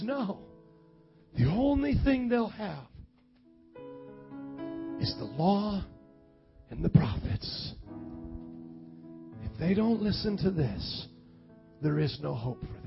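Husky high-voiced preacher, slow and dramatic. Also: male voice. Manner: dramatic, swings from loud calls to low quiet reading. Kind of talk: sermon reading scripture aloud. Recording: dull lo-fi sound with faint music.

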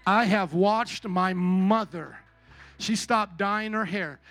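High, bright-voiced preaching man. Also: slow pace, faint music behind. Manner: preaching with big swings between quiet storytelling and shouting. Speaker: pastor. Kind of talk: sermon. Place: church service.

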